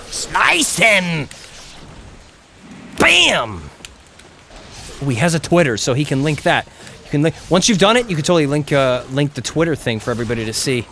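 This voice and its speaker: A man talks casually and excitedly to his viewers while playing, rising into shouts in the fights. His voice sits fairly high, and a faint hiss runs under the stream. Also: fast. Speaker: game streamer.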